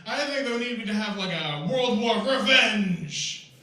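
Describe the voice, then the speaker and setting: A man with a high, bright voice performs stand-up on a festival stage, rambling through absurd bits with excitable energy. The sound is echoey and a little distant, caught in a live room. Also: slow pace. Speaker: stand-up comedian. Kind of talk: stand-up comedy set.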